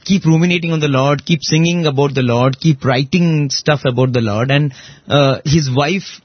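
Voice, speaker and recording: A man telling a devotional story in conversation, animated and full of fillers. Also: on the high side, moderate pace, no echo, muffled recording. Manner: animated, acts out voices in quotes, many fillers.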